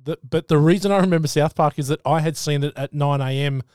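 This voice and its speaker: A man's voice: on the high side, quick pace, darkish tone, no echo, studio quality. A man hosting a casual, enthusiastic film chat. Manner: enthusiastic, chatty. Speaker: podcast host.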